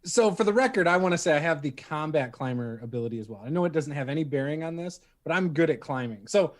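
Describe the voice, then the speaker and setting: A man playing a tabletop game, calmly explaining what his character does. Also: fairly high pitch, fast. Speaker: player.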